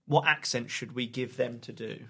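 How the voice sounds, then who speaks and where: A man's voice: medium pitch, fairly even intonation, normal speed, gravelly, bright, forceful tone, husky. A man hosting a podcast in casual chat, joking and prompting his guest with questions. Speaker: podcast host.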